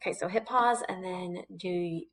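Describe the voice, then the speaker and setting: Woman, teacher, relaxed explainer with lots of fillers, recorded lesson read. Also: fairly low pitch, normal speed, slight background noise. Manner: chatty, explains step by step with fillers. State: has hiccups. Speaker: Spanish teacher.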